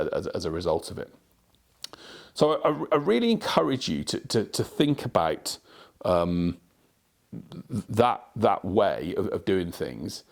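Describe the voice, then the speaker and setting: A man's voice: on the low side, creaky. A man hosting a solo podcast, giving advice in a rambling way with many restarts and repeated words. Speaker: podcast host.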